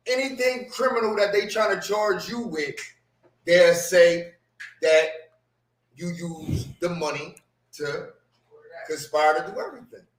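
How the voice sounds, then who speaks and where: A man's voice: sits high, unhurried, long pauses, a little hiss or hum. A man in a casual podcast discussion who explains things by repeating key phrases. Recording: roomy echo.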